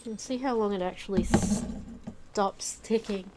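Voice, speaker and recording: A woman's voice: medium pitch, unhurried, heavy background noise. A woman streaming from her home stream room, chatting casually and rambling with fillers and self-mocking asides. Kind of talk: casual chat while unpacking on stream.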